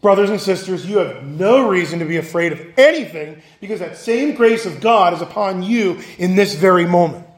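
A man's voice: high-pitched, expressive, moderate pace, hardly any pauses, roomy sound. A male pastor giving a sermon, earnest and emphatic, asking his listeners questions.

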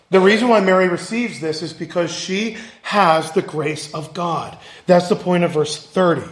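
Higher-voiced male pastor preaching in an echoey room. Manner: earnest, emphatic preaching with rhetorical questions. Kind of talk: sermon.

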